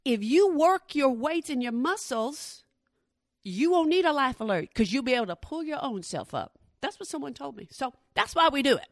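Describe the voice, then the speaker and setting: A woman in her forties does stand-up, speaking straight to the crowd and playing out every voice in her story. Her voice sits a little high. The lapel mic gives a close, dry sound with no room echo. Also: moderate pace. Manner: animated, addresses the audience directly, acts out quoted voices. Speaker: stand-up comedian.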